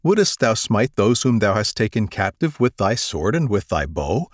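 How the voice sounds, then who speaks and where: A man's voice: fairly low pitch, very animated, normal speed, no room sound, studio quality. A man reading the lines of a solemn, commanding old prophet in a grave, earnest scripture reading.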